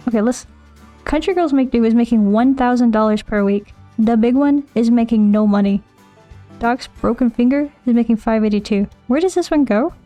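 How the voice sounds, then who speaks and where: Mellow-voiced woman chatting while streaming. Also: sits high. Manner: rambling, chatty, thinks aloud and answers chat. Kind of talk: casual live-stream chat while playing.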